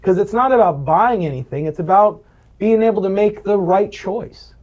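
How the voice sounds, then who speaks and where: A man's voice: sits high, moderate pace, darkish tone, lo-fi sound. A man being interviewed as a Medicare advisor, telling client stories with lots of "right?" and acted-out quotes. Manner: storytelling, acts out quoted voices, frequent "right?". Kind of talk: conversational interview.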